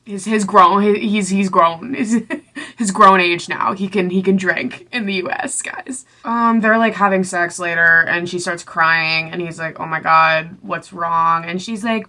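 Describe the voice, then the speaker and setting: A young woman casually recapping a book, sarcastic and chatty, acting out the characters' lines in quick little voices. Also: lowish voice, fairly even intonation, bright, forceful tone. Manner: sarcastic, chatty, full of "like" and asides. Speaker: book reviewer.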